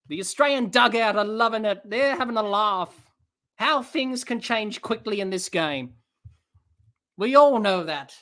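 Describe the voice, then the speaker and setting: A woman hosting a cricket podcast, giving live watch-along commentary in an excitable way, reading out listeners' comments and bursting into shouts at big shots. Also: mid-range voice. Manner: reads out chat comments and chats to listeners.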